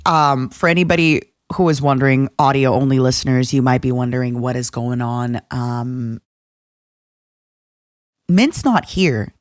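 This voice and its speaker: A woman's voice: rumbling low, unhurried, no echo, clean studio sound. A young woman hosting a casual solo podcast, chatty and rambling, having just woken up. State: just woke up. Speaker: podcast host.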